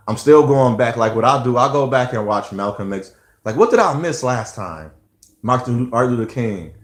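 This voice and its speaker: A man's voice: mid-range voice, reverberant. A man talking about parenting in a rambling, preachy monologue full of restarts. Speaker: vlogger. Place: outdoors near lawnmower noise.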